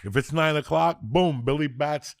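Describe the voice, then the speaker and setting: Gravelly, profane, excitable male storyteller. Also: fairly high pitch, moderate pace, no room sound, studio quality. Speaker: podcast host. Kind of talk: casual storytelling chat.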